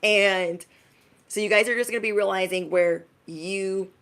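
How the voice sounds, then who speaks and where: A woman's voice: mid-range voice, steady tone, measured pace, a bit bright. A woman giving a casual spiritual message to her viewers as an intuitive reader, in a chatty, emphatic, slangy way.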